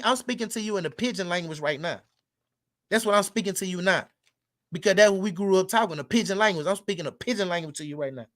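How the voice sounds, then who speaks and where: A man from Houston presents his side of an online debate in a high, lively voice. He talks loud and boastful, full of street slang and swearing, as if over a voice call. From Houston, Texas.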